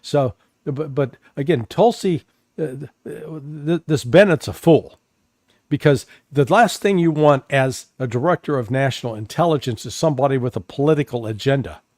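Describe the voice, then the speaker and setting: A man's voice: mid-range voice, moderate pace, darkish tone, no room sound, clean studio sound. A man speaking as a guest analyst in a political interview, emphatic and often repeating words as he starts a thought.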